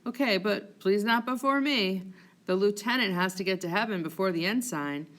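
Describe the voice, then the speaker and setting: A woman's voice: mid-range voice, normal speed, fairly bright tone, close to an everyday voice. A woman voicing a drunk, boastful young male lieutenant who insists he is sober. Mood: tipsy, insistent.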